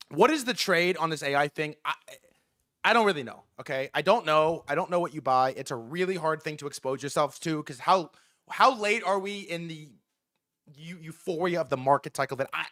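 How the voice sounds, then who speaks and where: Excitable, bright-voiced young male streamer. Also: on the high side. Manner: excitable, swearing, repeats himself, talks to chat. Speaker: streamer reacting to news. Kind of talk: casual livestream commentary.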